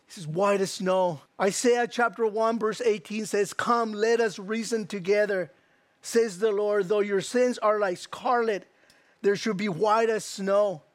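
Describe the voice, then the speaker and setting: A man preaching a sermon as pastor, reading scripture slowly and asking the listeners direct questions. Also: extremely high pitch, no room sound. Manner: emphatic, slows down to read scripture, asks the crowd direct questions.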